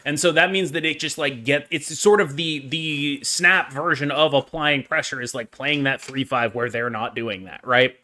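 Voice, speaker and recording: A man hosting a podcast, explaining card game strategy in a casual, animated, rambling way. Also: a little high, moderate pace, hardly any pauses. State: brief coughing fit. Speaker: podcast host.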